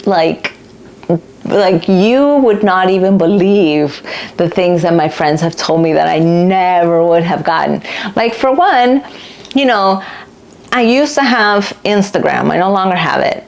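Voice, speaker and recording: A candid, chatty woman works through ideas on self-discovery in a loose, conversational way. She swears casually, uses lots of filler, and slips into quick voices when quoting people. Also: mid-range voice, lively intonation, darkish tone. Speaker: podcast host. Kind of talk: casual spiritual self-help talk.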